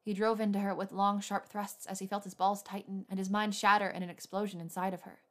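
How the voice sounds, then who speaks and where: A woman reader narrating a romance story in a steady, intimate way. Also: medium pitch, fast talker. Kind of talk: scripted fan fiction narration.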